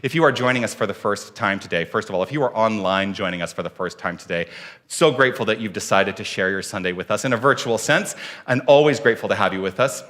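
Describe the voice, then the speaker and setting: A man's voice: lowish voice, fast. A man welcoming his congregation as their minister, earnest and out of breath. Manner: warm, earnest, relaxed preaching. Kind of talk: Sunday service welcome. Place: church sanctuary. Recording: long reverb in a hall.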